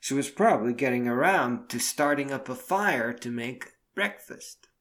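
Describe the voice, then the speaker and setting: A man telling a spooky-season anecdote as a storyteller, expressive and drawn out, slowing down for effect. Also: mid-range voice. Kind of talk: spoken anecdote told as a story.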